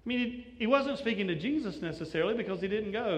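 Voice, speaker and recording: High-voiced preacher in a reverberant hall. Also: male voice, lively intonation, quick pace. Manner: conversational storytelling, acts out quoted lines. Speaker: pastor. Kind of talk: sermon. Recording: echoey hall.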